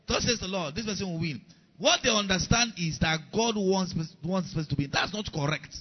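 A man's voice: sits high, highs cut off. A middle-aged male pastor preaching a sermon, emphatic, repeating key lines and asking the congregation if they follow.

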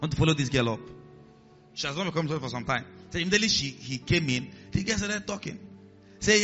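Male pastor, bright animated preaching voice, slightly muffled recording. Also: a little high, fast talker, faint music behind. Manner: animated preaching, acts out voices in the stories, drops to a hiss for commands. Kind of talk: sermon. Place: church hall with a congregation.

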